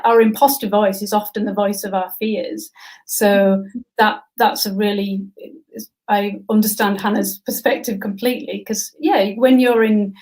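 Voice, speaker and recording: A woman's voice: mid-range voice, darkish tone, rough recording. A middle-aged woman, a coach and career consultant speaking as a guest in an interview, thoughtful and often restarting her sentences. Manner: thoughtful, many restarts and fillers. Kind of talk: conversational expert interview.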